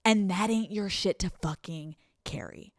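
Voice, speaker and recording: A woman's voice: medium pitch, a little slow, no echo, clean studio sound. Frank, profane woman podcast host. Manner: candid and profane, acts out quoted voices. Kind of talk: casual solo podcast advice talk.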